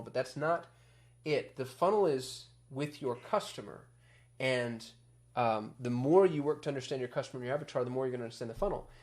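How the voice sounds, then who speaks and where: A man hosting a casual marketing explainer, chatty, with many ums and restarts, getting fired up as he goes. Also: medium pitch. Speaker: marketing agency host.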